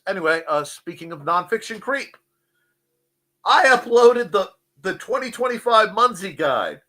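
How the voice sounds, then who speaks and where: A man's voice: high voice, very animated, measured pace, bright, forceful tone, a little hiss or hum. A man hosting a casual morning show, joking, rambling and reading out chat messages. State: cold.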